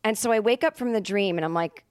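A woman's voice: medium pitch, fast talker, clear, resonant tone, dry recording, clean studio sound. A woman comedian telling a story as a podcast guest, casual and rambling, full of fillers and restarts. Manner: rambling, many fillers and self-corrections.

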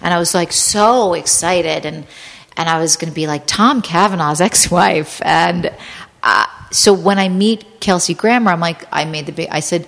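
A woman's voice: on the low side, moderate pace, creaky, a bit bright, big-room sound. A woman guest on a podcast, an actress, telling candid, profane, self-deprecating stories with many fillers.

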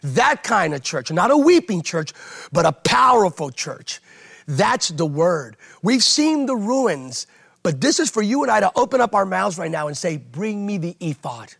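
A pastor preaching with fervor, his high voice carrying a gravelly edge. He hammers his points home by repeating phrases over and over, sermon-style, even in conversation. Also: moderate pace. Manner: emphatic, repeats phrases for rhetorical effect.

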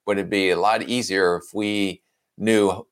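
A man with a fairly low voice talks football on a podcast. He needles his co-host with blunt questions, stumbling over fillers as he goes. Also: steady tone, a little slow. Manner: teasing, pointed questions with many fillers. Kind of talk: casual sports podcast chat.

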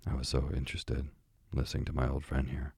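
A man voicing a kindly, absent-minded male doctor in a storybook, speaking politely and mildly in a very deep, gravelly voice. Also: completely flat delivery, a little fast, darkish tone, dry recording, studio quality, exaggerated voice.

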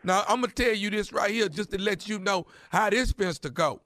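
A man doing a brash high-voiced inmate. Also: normal speed, fairly bright tone, no room sound, studio quality. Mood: insistent. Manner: street slang, insistent and confrontational. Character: hotheaded male inmate calling from jail. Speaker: prank caller.

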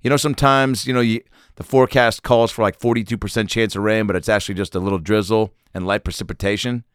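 A man's voice: fairly low pitch, fairly even intonation, fast, clean tone, no room sound, studio quality. A man hosting a podcast, telling a rambling, profane, self-mocking comedic story. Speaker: podcast host.

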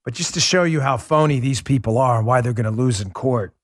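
A man from New York City hosting a podcast, delivering a heated, sarcastic political monologue that rises into shouts. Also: medium pitch, fairly quick, no echo, studio quality. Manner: combative, sarcastic, rising to shouts. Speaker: podcast host.

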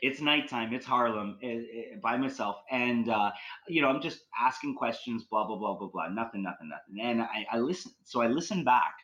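A man's voice: medium pitch, lively intonation, normal speed, a bit bright. A man telling ghost stories as a podcast guest, rambling with many likes and restarts. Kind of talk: casual storytelling.

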